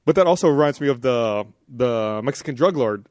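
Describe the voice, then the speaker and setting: A man's voice: medium pitch, animated, fairly quick, a little mellow, no room sound. A man rambling through offhand stories and jokes in a casual podcast chat. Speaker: podcast regular.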